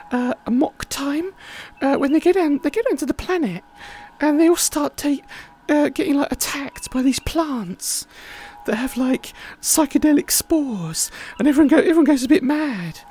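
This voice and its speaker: A woman's voice: sits high, warm tone. A woman hosting a livestream, chatting in a rambling, casual way with many fillers. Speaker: livestream host.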